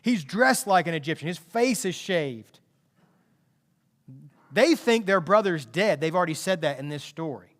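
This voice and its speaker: A man preaching a sermon as pastor, retelling a story with animated emphasis and conversational asides. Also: high-pitched, unhurried, pauses often.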